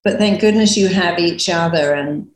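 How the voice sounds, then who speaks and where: A woman with a lowish voice speaks as a therapist guest on a podcast. She gives reassuring advice and slips into short quoted examples. Her voice carries the echo of a roomy space. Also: moderate pace, slight background noise. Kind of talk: advice-giving podcast chat.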